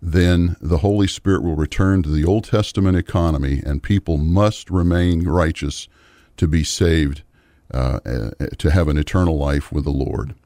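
Deep-voiced man teaching the Bible. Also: warm tone, no echo, clean studio sound. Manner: guides listeners through Bible passages.

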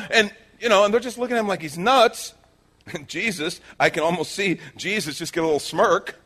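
A male pastor preaching a sermon, telling the story with animated energy and acting out the characters' lines. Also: high voice, normal speed. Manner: animated storytelling, acts out quotes.

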